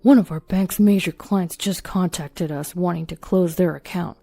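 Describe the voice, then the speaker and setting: A woman's voice: lowish voice, normal speed, vocal fry, mellow, soft background music. A woman voicing a flustered middle-aged father who hurriedly explains trouble at his bank.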